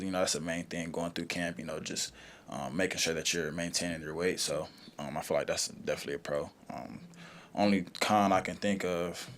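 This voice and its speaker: A young man, a college football player, answering press conference questions in a relaxed way, full of "you know" and "um". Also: low-pitched. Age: young adult.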